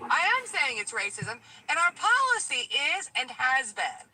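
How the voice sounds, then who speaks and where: A woman's voice: sits high, big pitch swings, moderate pace, noisy background. A woman in her late forties from Tennessee, calling in to a talk show and telling her story emphatically. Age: late 40s. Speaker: caller. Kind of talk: call-in show conversation.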